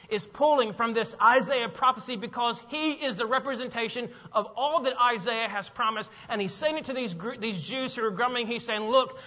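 High-voiced bright preacher in a hall. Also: male voice, highs cut off. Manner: preaching with swings between loud calls and hushed low lines; asks the congregation to fill in words. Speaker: pastor. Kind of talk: sermon. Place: church sanctuary.

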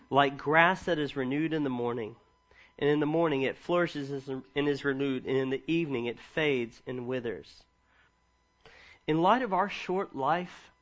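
A pastor in his thirties, his voice a little high and the audio dull, preaches with animated humor. He reads scripture and shares funny stories drawn from his family life.

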